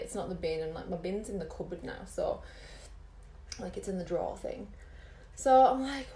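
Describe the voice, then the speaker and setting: A woman vlogging and telling a rambling story in an animated way, full of fillers. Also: mid-range voice. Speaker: makeup vlogger. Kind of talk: chatty storytelling. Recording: roomy echo.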